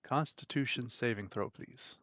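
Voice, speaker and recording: Man, game master, casual narration, halting fillers, dry close sound. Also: medium pitch, fairly bright tone, dry recording, muffled recording.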